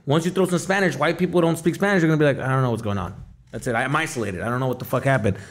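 A man, a stand-up comedian, chatting as a podcast guest in a loose, profane, slangy way. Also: on the high side. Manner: fast, profane, slangy storytelling. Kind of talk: casual podcast chat.

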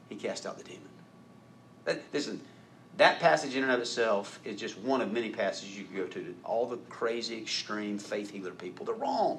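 A man preaching a sermon in an animated way, acting out quoted voices and rising to loud emphatic peaks. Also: fairly low pitch, moderate pace, a little hiss or hum. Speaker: pastor.

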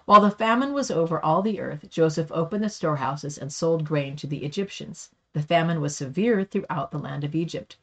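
A woman reading Bible passages aloud for a Bible study, steady with small slips. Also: sits low, brisk, hardly any pauses. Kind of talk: scripture reading.

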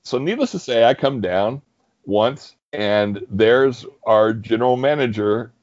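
A young man casually telling a story, animated and laughing often. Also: medium pitch, a little slow, no echo, lo-fi sound. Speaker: guest storyteller. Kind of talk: casual anecdote.

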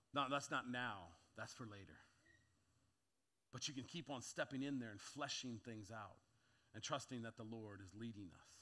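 A man's voice: a little high, pushed and bright. A man preaching a sermon, acting out quotes and building in intensity as he goes. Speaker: pastor.

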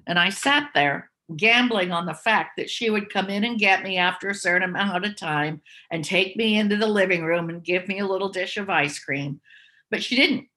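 A woman's voice: medium pitch, moderate pace, sharp tone. A woman candidly telling personal stories and reflecting on them as she goes. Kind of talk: personal storytelling.

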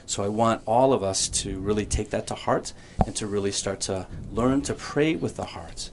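Low-voiced man telling his faith story. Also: a little hiss or hum. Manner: earnest, conversational, with fillers and self-corrections. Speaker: priest guest.

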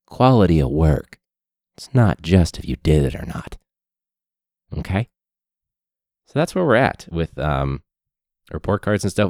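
Deep-voiced hoarse male teacher, sarcastic. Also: a little mellow, dry recording, studio quality. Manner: sarcastic, profane, mocking. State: hoarse throat after illness. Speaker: high school teacher. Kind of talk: casual ranting monologue.

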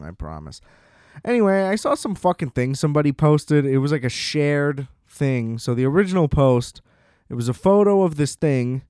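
A man's voice: mid-range voice, mellow, clean tone, no room sound, clean studio sound. A young man ranting in a casual, exasperated and profane monologue as a podcast host.

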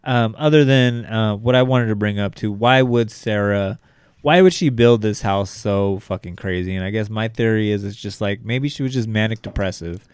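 A man's voice: lowish voice, normal speed, clear, resonant tone, dry recording, clean studio sound. A man co-hosting a podcast, talking in a laid-back, rambling way with plenty of swearing. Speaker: podcast co-host. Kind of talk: casual chat.

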